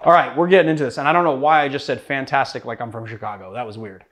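A young man from Boston, USA hosts a casual cocktail tutorial, talking very fast in a medium-pitched, fairly bright voice. He's chatty as he works and keeps making self-deprecating jokes.

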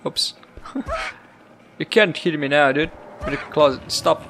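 Young man, gravelly, casual gaming commentary, swearing, faint music behind. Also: a little high, unhurried, fairly bright tone. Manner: rambling, swearing, laughing at the game. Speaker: gaming YouTuber. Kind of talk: casual let's-play commentary.

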